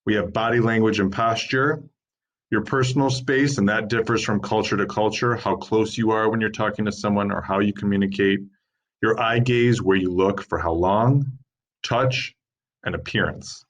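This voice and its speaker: A man's voice: fairly low pitch, steady tone, normal speed. A man in his thirties giving an informal lecture at a workshop, explaining points steadily and listing them one by one as he reads from slides. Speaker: workshop presenter.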